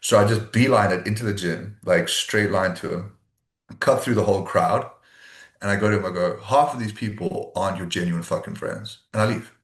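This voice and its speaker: A man's voice: fairly low pitch, moderate pace. A man from South Africa chatting casually as a podcast co-host, blunt and swearing freely as he acts out what his friends said. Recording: echoey room.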